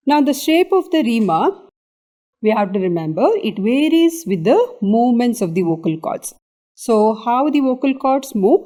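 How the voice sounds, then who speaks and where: A woman's voice: a little high, mellow. A woman with an Indian English accent giving an exam revision lecture on anatomy, explaining step by step and often checking in with "okay".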